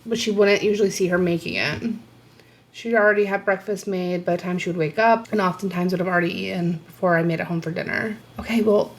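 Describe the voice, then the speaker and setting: Blunt young woman co-hosting a podcast. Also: on the low side. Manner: blunt, opinionated, swears freely. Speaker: podcast co-host. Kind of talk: casual chat, reading comments aloud.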